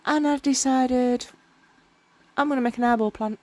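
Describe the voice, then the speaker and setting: A woman's voice: sits high, steady tone, normal speed, no room sound. A tired woman chatting casually while crafting, rambling and often tripping over her words. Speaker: miniature crafter. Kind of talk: casual crafting vlog narration.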